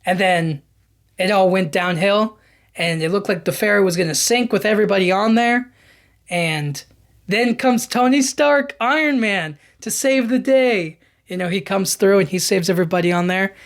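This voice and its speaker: A man's voice: sits high, normal speed. Chatty man recapping a movie scene. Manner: animated retelling with many fillers and restarts. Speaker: podcast host. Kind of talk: casual film recap.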